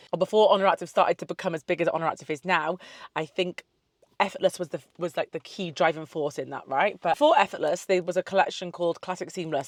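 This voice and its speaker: A woman's voice: on the low side, no room sound. Chatty young woman, dry close sound. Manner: chatty, swears freely, drifts off on tangents; upbeat self-love pep talk. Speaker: fitness model and online coach. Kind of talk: casual Q&A chat to camera.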